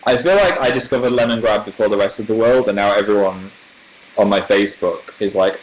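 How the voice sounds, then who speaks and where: Chatty man on a livestream, lowish voice. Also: a little fast, poor audio. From northern England, near Manchester. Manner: chatty, animated, rambling. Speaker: YouTuber host. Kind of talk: casual livestream chat reading viewer comments.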